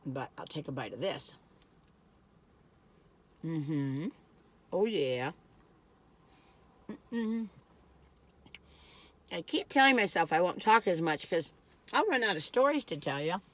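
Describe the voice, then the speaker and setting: A woman's voice: on the low side, big pitch swings, slow, long pauses, a bit bright. A middle-aged woman chatting casually in a meandering, folksy way while reviewing food. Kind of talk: casual rambling chat.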